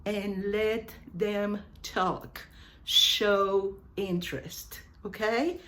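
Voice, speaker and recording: Very slow-speaking woman English teacher. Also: medium pitch, steady tone, a bit bright. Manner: slow, deliberate, repeats phrases for learners. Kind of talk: online English lesson.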